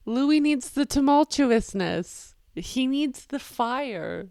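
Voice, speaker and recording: A young woman with a fairly high, smooth, clear voice gushes about a show she just watched. She is animated and casual, jumping from loud exclamations to quieter asides. Her voice is recorded close and dry. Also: slow, hardly any pauses, dry recording. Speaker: reaction video host. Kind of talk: excited casual reaction commentary.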